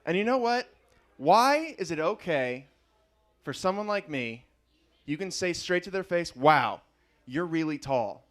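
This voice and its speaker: A man's voice: high voice, very animated, measured pace, long pauses, fairly bright tone. A young man performing a student stand-up set in an indignant tone. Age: young adult. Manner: indignant, repeating "you know what?". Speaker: stand-up comedian.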